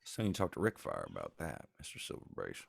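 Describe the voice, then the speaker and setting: A man narrating a tabletop game as game master, in a relaxed, casual way with fillers. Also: a bass voice, fast, vocal fry, husky, no echo.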